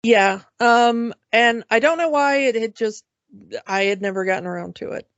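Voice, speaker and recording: A woman co-hosting a podcast, telling stories in a chatty, unhurried way with fillers. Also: fairly high pitch, lively intonation, no echo. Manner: chatty, drawn-out storytelling with fillers. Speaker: podcast co-host. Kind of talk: casual podcast chat. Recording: dull lo-fi podcast mic.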